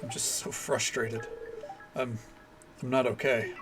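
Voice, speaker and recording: A man's voice: mid-range voice, level tone, unhurried, distant mic, music in the background, close to an everyday voice. A man reading a despairing injured young man. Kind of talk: reading game dialogue aloud.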